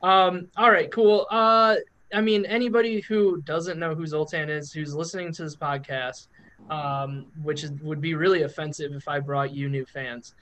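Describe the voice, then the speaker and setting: A man's voice: fairly high pitch, level tone, moderate pace, a bit bright. A man hosting a podcast in casual chat, rambling through stories with lots of filler words. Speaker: podcast host.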